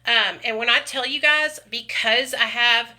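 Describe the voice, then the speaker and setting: A woman with a drawl chats on a casual livestream, sprinkling in "y'all" and "baby" as she talks to her viewers. Her voice is very bright and sits slightly high. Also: unhurried. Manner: chatty, frequent "you guys" and "y'all", calls viewers honey and baby. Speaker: vlogger chatting with live viewers.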